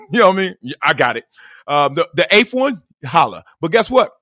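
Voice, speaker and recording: A middle-aged man hosting a solo podcast, talking in slang, laughing often and acting out quotes with sudden loud bursts. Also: normal speed, no room sound, clean studio sound. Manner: animated, acts out quotes with big jumps in pitch and loudness. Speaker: podcast host. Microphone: close studio mic.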